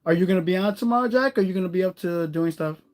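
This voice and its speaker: A man's voice: high voice, fast. Chatty man rambling to live viewers. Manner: warm-hearted, encouraging. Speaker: live streamer. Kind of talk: casual live-stream chat.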